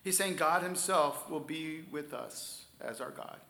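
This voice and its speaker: A man preaching a sermon, stressing key words loudly and then dropping to near-whispers. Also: a little high, lively intonation, unhurried, gravelly, roomy sound. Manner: emphatic preaching, swings from loud stresses to soft near-whispers. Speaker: pastor.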